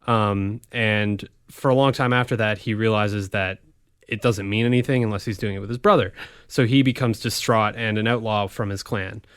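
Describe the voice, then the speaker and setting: A man chatting as a guest in a radio studio, soft-spoken and low-key as he explains things. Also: fairly even intonation, normal speed, smooth, dry recording. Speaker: radio show intern and guest. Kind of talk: casual radio chat.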